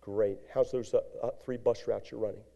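A man pastor preaching a lively sermon, acting out little scenes and rising to shouts at his peaks. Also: on the low side, normal speed, vocal fry, lo-fi sound.

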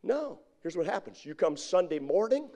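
A man's voice: high voice, big pitch swings, a little fast, creaky, warm tone. A middle-aged man preaching a sermon as pastor, drawing his congregation in with call-and-response questions.

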